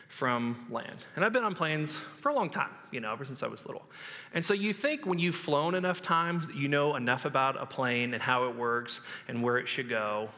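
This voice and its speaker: A male pastor preaching an animated, jokey sermon in a church. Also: mid-range voice. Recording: echoey hall.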